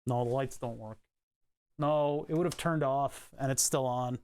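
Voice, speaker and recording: A streamer thinking aloud while fixing software on a live stream, cursing and laughing at the frustration. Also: medium pitch, fairly even intonation, unhurried.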